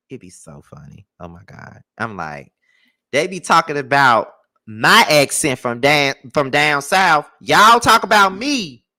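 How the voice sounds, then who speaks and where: A man's voice: on the high side, sharp tone. A man with a Mississippi Southern accent, chatting animatedly and slangily in a casual TV review vlog. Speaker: YouTube TV reviewer.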